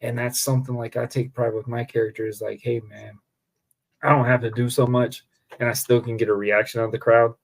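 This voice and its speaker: A man's voice: mid-range voice, little pitch movement, fairly quick. A man, a pro wrestler guesting on a podcast, chatting casually and enthusiastically, rambling and often saying "man.".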